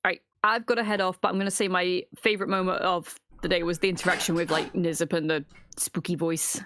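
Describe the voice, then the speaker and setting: A woman's voice: fairly low pitch, flat delivery, fast, a bit bright, slight background noise. A woman player in a tabletop game, chatting animatedly. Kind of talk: casual chat.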